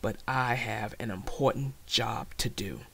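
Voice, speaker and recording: A woman voicing a proud, stern male dragon creature who speaks low and coldly. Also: unhurried, creaky, a bit bright, breathy edge, heavily acted. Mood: scornful. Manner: low, cold, scornful.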